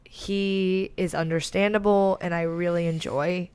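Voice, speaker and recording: Woman, book podcast co-host, casual rambling chat, clean smooth tone. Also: lowish voice, fairly even intonation, measured pace, a little mellow. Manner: chatty, trails off and restarts.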